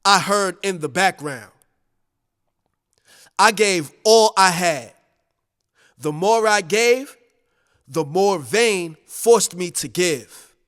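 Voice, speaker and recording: A man reading his own audiobook in the first person, telling it like a conversation. His voice sits high for a man and moves slowly. A long reverb hangs on every phrase. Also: lively intonation, a bit bright, clear, resonant tone. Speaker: audiobook narrator and author.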